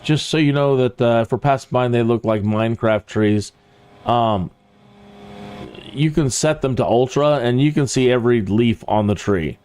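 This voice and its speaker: A man casually commenting on his flight simulator game, thinking aloud with small fillers and a relaxed, unhurried way of talking. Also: mid-range voice, a little hiss or hum. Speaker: flight sim streamer.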